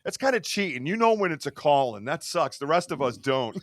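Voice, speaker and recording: A man hosting a podcast in casual chat, excitable and rambling with lots of fillers. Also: fairly high pitch, fairly quick, few pauses, no echo, studio quality. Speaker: podcast host.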